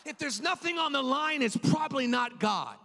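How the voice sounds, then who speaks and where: A man with a strikingly high voice preaches a fervent sermon. His delivery swells into shouted, sing-song cadences, and the long reverb of a large church hall trails behind every line. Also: lively intonation, moderate pace.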